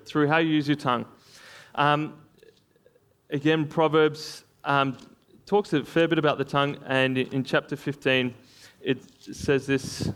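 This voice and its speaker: A man preaching a sermon in a conversational way, with frequent fillers and small laughs. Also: fairly high pitch.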